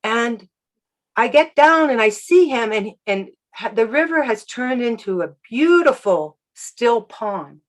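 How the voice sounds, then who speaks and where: Softly reflective woman telling a story. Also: a little high, animated, a little slow, poor audio. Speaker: animal communicator guest. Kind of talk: storytelling in an interview.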